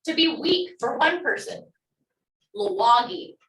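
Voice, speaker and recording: A woman's voice: high-pitched, expressive, unhurried, fairly bright tone, reverberant, far from the mic, rough recording. A woman teaching a language class online, upbeat and encouraging as she models words for students to repeat.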